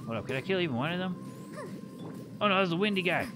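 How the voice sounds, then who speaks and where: This gaming streamer has a high, expressive voice and talks fairly quickly while game music plays behind him. His casual commentary on the game is full of crude jokes and frequent swearing.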